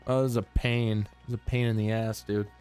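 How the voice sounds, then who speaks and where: A man's voice: on the low side, flat delivery, a little fast, a little mellow, clean tone, faint music behind. A man casually commenting on his gameplay as a streamer, laid-back, swearing and talking to his chat.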